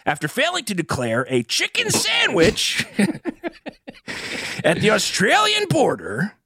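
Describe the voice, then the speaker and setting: High, animated man in a comedy podcast. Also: measured pace, vocal fry, slightly rough, no room sound, clean studio sound. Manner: animated, mock-earnest anchor delivery. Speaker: podcast co-host. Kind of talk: mock news-anchor comedy podcast.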